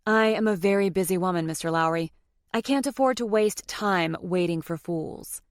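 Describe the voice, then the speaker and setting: A woman voicing a brisk, guarded young female lawyer in an audiobook, her words crisp and clipped. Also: lowish voice, no room sound, clean studio sound, lightly acted. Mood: cold.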